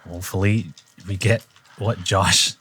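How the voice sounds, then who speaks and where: A man's voice: low-pitched, fairly even intonation, unhurried, fairly bright tone, husky. A young man hosting a podcast in casual chat, laid-back and rambling with fillers. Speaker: podcast host.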